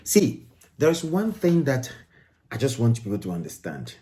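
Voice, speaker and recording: A man's voice: medium pitch, huge pitch swings, a little slow, warm tone. A man from Ghana, giving emphatic commentary on video clips and repeating phrases for stress.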